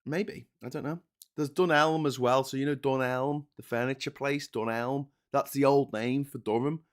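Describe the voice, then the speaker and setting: A man's voice: medium pitch, fairly even intonation, moderate pace, clear, resonant tone. Guy ranting on his home livestream, sarcastic, laughs a lot, reads chat out. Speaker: livestream host reading chat.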